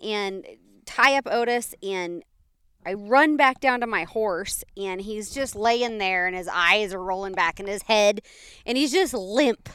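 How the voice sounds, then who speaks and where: Laughing storyteller woman, smooth dry voice. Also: medium pitch, a little slow, dry recording. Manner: animated, laughs often while telling stories. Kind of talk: casual storytelling chat.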